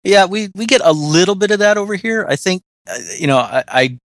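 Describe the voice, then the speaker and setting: A man's voice: high voice, expressive, a little fast, no echo, studio quality. Easygoing man, laughs often. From United States. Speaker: podcast co-host. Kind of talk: casual chat.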